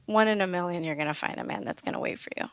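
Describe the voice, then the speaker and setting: A woman's voice: lowish voice, racing, smooth, dry recording, lightly acted. A woman quoting her mocking mother. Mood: dismissive. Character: doubting, mocking mother of a teenager.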